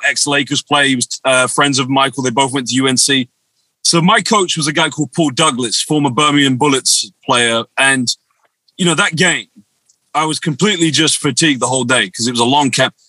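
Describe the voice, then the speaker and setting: A man telling long, animated anecdotes with quoted dialogue as a guest in a casual chat. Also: mid-range voice, husky, dry recording, poor audio. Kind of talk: casual storytelling on a video chat.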